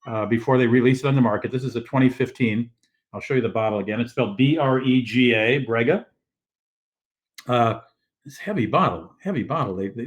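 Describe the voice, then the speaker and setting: An older man hosting a casual show from his living room over a video call, rambling with many fillers and restarts. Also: mid-range voice. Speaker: host. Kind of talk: casual live-stream talk. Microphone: video call setup.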